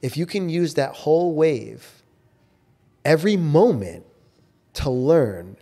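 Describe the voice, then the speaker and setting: A man's voice: fairly high pitch, sing-song, slow, mellow. A man co-hosting a casual conversation, explaining his ideas in an earnest, coaching way. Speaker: podcast co-host.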